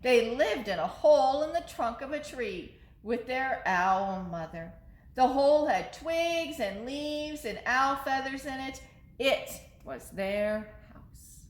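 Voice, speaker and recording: A woman's voice: high voice, expressive, slow. A woman in her thirties, a children's librarian leading story time, cheerful and coaxing with young children. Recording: echoey room.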